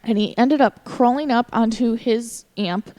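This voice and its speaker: A young woman co-hosting a podcast, telling stories in an animated, casual way and swearing often. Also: fairly high pitch, unhurried, dry recording. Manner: animated, profane storytelling. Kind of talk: casual chat.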